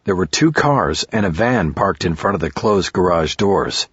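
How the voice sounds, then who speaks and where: A man narrating a thriller audiobook in a steady, measured way. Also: low voice, breathy edge, no room sound. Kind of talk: scripted narration. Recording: dry, slightly dull recording.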